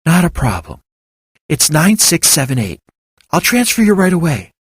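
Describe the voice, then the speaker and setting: A man voicing a soft-spoken, sheepish young female office clerk who is easily impressed, in a fiction reading. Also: a little high, big pitch swings, normal speed, husky, no echo, studio quality, pitched above the performer's own voice. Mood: soft, curious. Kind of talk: audiobook character voice.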